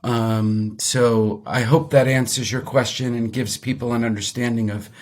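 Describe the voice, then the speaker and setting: Middle aged guy telling his life story, lively storyteller, normal pitch voice. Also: normal speed. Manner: animated storyteller, acts out quoted voices. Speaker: guest. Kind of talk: storytelling interview.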